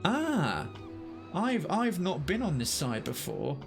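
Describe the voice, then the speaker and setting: A chatty male game streamer with a voice that sits a little high for a man, talking into a desk mic over faint game music. He trips over his words and starts sentences again, and he jumps and exclaims easily. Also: takes it slowly, vocal fry. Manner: chatty, excitable, stammers and restarts. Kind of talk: live let's-play commentary.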